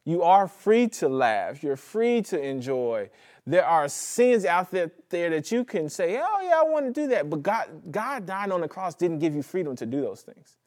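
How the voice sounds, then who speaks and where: A man preaching a conversational, animated sermon as pastor, joking and calling on the congregation. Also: a little high, a little slow. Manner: animated, conversational preaching with jokes and audience prompts.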